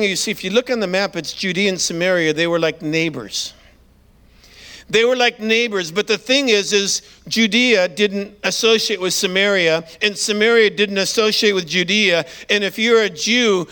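A man preaching as a guest pastor, telling Bible stories in an animated way and acting out the characters. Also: high-pitched, clean tone. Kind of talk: sermon.

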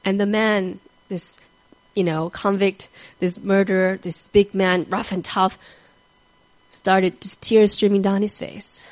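A woman telling a story in a sermon in an earnest way, sometimes dropping to a soft whisper on key words. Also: medium pitch, level tone, slow pace, no echo, rough recording. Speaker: speaker giving a devotional talk.

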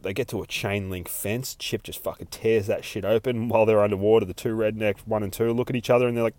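A man's voice: mid-range voice, animated, normal speed, no room sound. Profane rambling guy. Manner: profane, rambling, laughs often. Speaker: podcast host. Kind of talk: casual comic recap, ad-libbed.

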